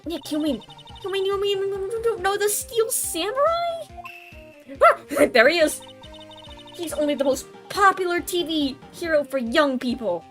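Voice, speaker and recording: Bubbly teen girl sidekick, squealy and animated, a woman doing the voice. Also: high voice, a little slow, soft background music, full character voice. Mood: excited. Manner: gushing, squealing and loud. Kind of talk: reading game dialogue aloud.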